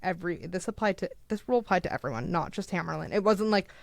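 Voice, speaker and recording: A young woman on a podcast, retelling a true crime story in a casual, animated way, full of "like" and acted-out quotes. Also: on the low side, fast talker, gravelly, no room sound, studio quality. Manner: animated, acts out quotes, filler "like".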